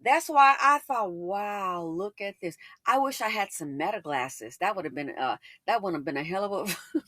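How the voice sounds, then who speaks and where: A woman's voice: mid-range voice, animated, normal speed, fairly bright tone, no echo. Chatty woman telling a storytime, dry sound. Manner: chatty, emphatic, repeats lines for effect. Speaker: commentary channel host. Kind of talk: casual storytime commentary.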